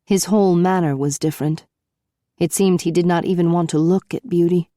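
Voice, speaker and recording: A woman narrating an audiobook in a measured, even manner. Her voice is low, dark and mellow, recorded close and dry with no room sound. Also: no room sound. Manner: measured storytelling. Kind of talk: scripted narration.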